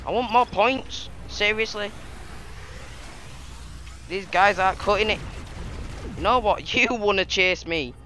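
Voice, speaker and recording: High, bright, trash-talking gamer guy. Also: a little slow, pauses often, soft background music. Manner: excitable, trash-talking, laughs often. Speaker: gaming YouTuber. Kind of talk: live gameplay commentary.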